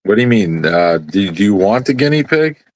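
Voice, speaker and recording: A man's voice: fairly low pitch, big pitch swings, moderate pace, a little mellow, no echo. A man telling a rambling, profane story in a casual live panel chat.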